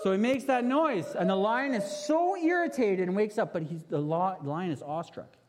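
A man's voice: high-pitched, animated, normal speed. A man in his thirties preaching, telling a story animatedly and putting questions to the audience. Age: 30s. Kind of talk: sermon with storytelling. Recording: long hall reverb.

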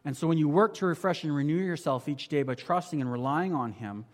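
A man preaching a sermon in a conversational way, asking the congregation rhetorical questions and moving between emphatic and quiet passages. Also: a little fast. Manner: swings from emphatic to quiet and low. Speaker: pastor.

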